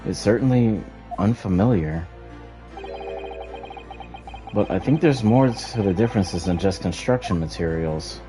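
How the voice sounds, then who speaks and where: Game read-through, man as jittery young law student, low voice, music behind. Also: a little slow, long pauses. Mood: nervous. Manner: hesitant, nervous. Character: nervous young Japanese male law student.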